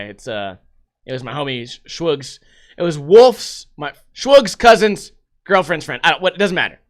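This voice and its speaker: A man's voice: fairly high pitch, animated, normal speed, a bit bright. A young man hosting a livestream podcast, telling crude, rambling stories with heavy swearing in casual chat. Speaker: podcast host.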